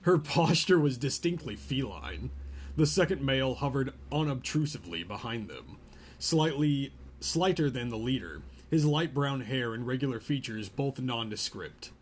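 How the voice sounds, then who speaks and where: A man reading a novel chapter aloud in a relaxed way, stopping now and then to joke about the story. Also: mid-range voice, moderate pace, slight background noise. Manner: reads a novel aloud, breaks off for joking asides. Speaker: podcast host reading aloud. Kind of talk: casual read-aloud with asides.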